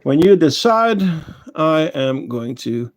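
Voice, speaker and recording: Slow-talking man on a casual livestream. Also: fairly high pitch, sing-song. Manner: chatty and unhurried, with fillers and self-corrections. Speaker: ant-keeping channel host and shop owner. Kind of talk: casual livestream chat, answering viewer comments.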